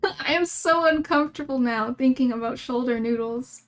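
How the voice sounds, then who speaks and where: A woman's voice: sits high, normal speed, faint music behind. A young woman streaming live as she draws, chatting casually in a rambling, giggly, self-mocking way. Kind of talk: casual livestream chat while drawing.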